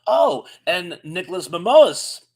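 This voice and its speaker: A man's voice: sits high, big pitch swings, slow pace, darkish tone, husky. A man with a Southern US accent co-hosting a live stream, reading out chat greetings in a friendly, chatty way.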